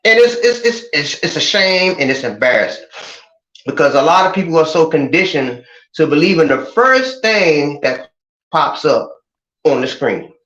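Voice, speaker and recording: A man with a high, lively voice talks in an animated, streetwise way and often repeats words while he looks for the next one. The sound is muffled and echoes around the room. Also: normal speed. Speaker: guest. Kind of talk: casual talk show discussion.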